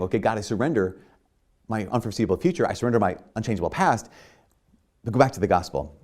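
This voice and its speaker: A man's voice: on the low side, expressive, fast, a little mellow. A man, a priest, giving a sermon in a conversational way, full of restarts and "like", at times rising to emphatic bursts.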